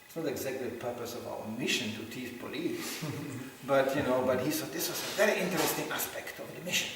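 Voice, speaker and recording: A man giving a religious talk, telling anecdotes with lively storytelling and acting out the voices of people he quotes. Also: medium pitch, brisk, a little hiss or hum. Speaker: devotional speaker. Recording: very echoey hall, mic far off.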